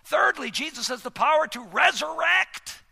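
A man preaches in a strikingly high, bright voice that rises and falls with lively energy. He swings between loud, shouted emphasis and near-whispered, slowed phrases. A long reverb trails each line, as in a large sanctuary. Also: vocal fry. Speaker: pastor. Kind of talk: sermon.

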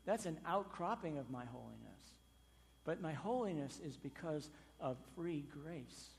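A male pastor delivering a sermon in a church. His fairly high voice is emphatic, surging on key words and then sinking low and quiet. A long reverb from the large hall trails after every phrase. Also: lively intonation, unhurried, vocal fry, slight background noise. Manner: emphatic, swinging between loud stresses and quiet drops.

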